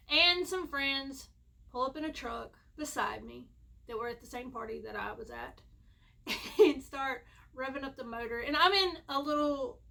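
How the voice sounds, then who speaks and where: High, bright chatty woman. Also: vocal fry. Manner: rambling, chatty, self-mocking. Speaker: vlogger. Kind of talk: casual storytime.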